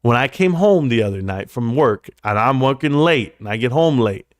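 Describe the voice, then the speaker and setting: A man hosting a livestream, telling a long story in a rambling way, jumping high when he acts out quotes and dropping low for asides. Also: normal speed, dry recording, studio quality. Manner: animated, jumps high in pitch when acting out quotes; rambling, drops to quiet asides. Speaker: livestream host. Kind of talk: casual storytelling.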